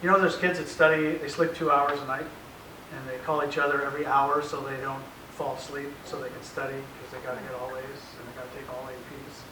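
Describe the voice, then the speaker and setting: A man's voice: medium pitch, little pitch movement, brisk. A middle-aged man giving an informal, anecdotal presentation to parents, acting out family conversations and chuckling often. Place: meeting room with an audience. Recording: roomy echoey room, faint hiss, mic far off.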